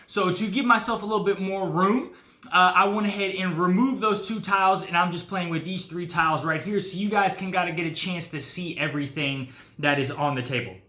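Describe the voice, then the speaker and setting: A man hosts a casual board game video and explains the rules as he goes. His voice is high and bright, and he talks in a chatty way with many fillers. The room around him is echoey. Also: fairly quick. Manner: chatty, says guys and uh often. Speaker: board game channel host. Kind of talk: casual solo playthrough talk.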